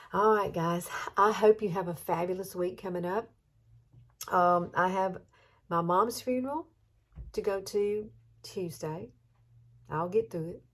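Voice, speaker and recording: A woman in her fifties with an Alabama accent, chatting through a makeup routine in a beauty vlog, talking emotionally and sometimes close to tears. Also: fairly low pitch. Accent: Southern US (Alabama). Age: 50s. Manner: chatty, warm-hearted, emotional. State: tearful at times. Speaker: beauty vlogger. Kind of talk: chatty get-ready-with-me vlog.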